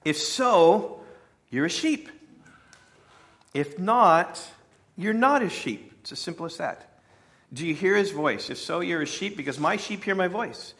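Pastor, male, bright and fairly high voice, easygoing sermon delivery. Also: expressive, measured pace, long pauses. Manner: conversational, with fillers and playful asides to the congregation.

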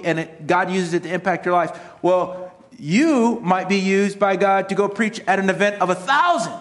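A man's voice: high voice, fairly bright tone. A middle-aged man preaching a conversational sermon as a pastor, mixing self-mocking humor with earnest exhortation. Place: church sanctuary.

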